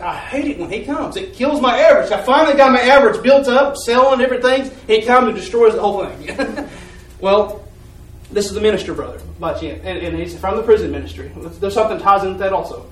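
Here a man whose voice sits fairly high tells his personal faith testimony as a church member, earnest and heartfelt, wandering through restarts and repeated words. The mic catches him from a little distance, and the space rings with church-hall echo.

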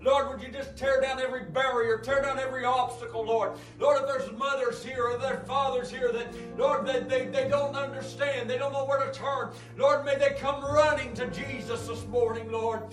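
A man preaching and leading a fervent prayer in a church, repeating invocations and building to shouts. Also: extremely high pitch, flat delivery, normal speed, hardly any pauses. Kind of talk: sermon prayer. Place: church sanctuary. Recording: echoey church from far off with music. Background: guitar music.

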